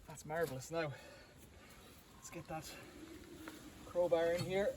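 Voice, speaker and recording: A man's voice: on the high side, normal speed, pauses often, very noisy. A man narrating casually to the camera while he works outdoors, talking to himself with pleased exclamations and a little out of breath. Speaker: video maker. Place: outdoors at a stone working site.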